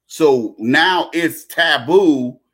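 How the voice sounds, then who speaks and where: A man's voice: on the high side, extremely slow, a bit bright, slightly rough. A man delivering a casual monologue rant, blunt and slangy, repeating himself and restarting phrases.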